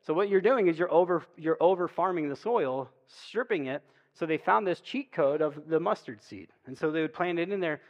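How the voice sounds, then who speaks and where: Chatty pastor in a reverberant church. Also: male voice, a little high. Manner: conversational, chatty storytelling with frequent "like" and "right?". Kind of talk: sermon. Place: church sanctuary. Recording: long reverb of a church hall.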